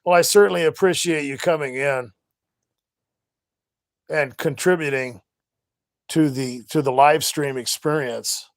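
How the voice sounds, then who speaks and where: A middle-aged man talks on his live stream in a loose, rambling way, stopping and restarting his sentences often. His voice sits a little high for a man and has a gravelly fry, and the sound is dry and close. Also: dry recording. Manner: rambling, halting with many restarts. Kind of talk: casual livestream monologue.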